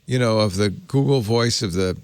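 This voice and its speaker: A man's voice: on the low side, moderate pace, clear, resonant tone, dry recording. A man hosting a casual tech podcast panel, running through news items with chuckling asides. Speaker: podcast host.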